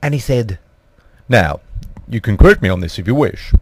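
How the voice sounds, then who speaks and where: A young man telling an absurd comic story in a mock-posh, deadpan, rambling way. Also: mid-range voice, quick pace, slightly rough, no room sound.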